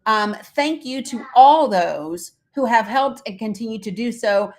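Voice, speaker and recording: Her expressive voice is on the high side and a little slow. She's a woman running a casual live stream, chatty and blunt, full of fillers, reading out viewers' comments and turning to speak with her kids while live.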